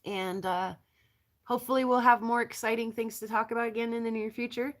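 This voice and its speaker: A woman's voice: fairly high pitch, level tone, a little fast. A woman from the North American prairie, chatting casually and rambling to her viewers as a rockhounding vlogger, laughing often.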